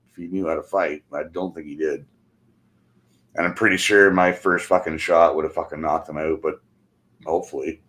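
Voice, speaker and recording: A middle-aged man vents in a long, profane monologue. He is blunt and angry, sits in a fairly low register, and keeps tacking "man" onto the end of his lines. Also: fairly bright tone. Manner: angry, blunt, swears constantly, ends phrases with "man".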